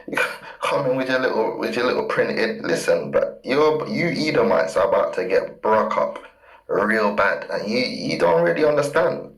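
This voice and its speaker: A man's voice: mid-range voice, fairly bright tone. Fiery preaching man, roomy echo. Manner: emphatic, repeats key words, reads verses slowly. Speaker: street preacher. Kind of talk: fiery scripture teaching.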